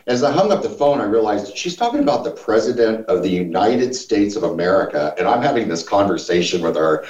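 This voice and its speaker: A man's voice: lowish voice, a little fast, hardly any pauses. Blunt man from Missouri, distant roomy mic. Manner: blunt, profane anecdotes with lively shifts. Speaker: former gym owner and trainer, guest. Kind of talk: casual storytelling. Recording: roomy, distant, dull sound.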